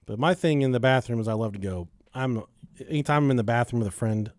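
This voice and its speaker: Guy on a podcast telling crude bathroom stories, swears a lot, laughs at his own jokes, mid pitch, dry close sound. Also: quick pace, no echo. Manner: loud storytelling, swears and laughs often. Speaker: podcast co-host. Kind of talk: crude casual banter.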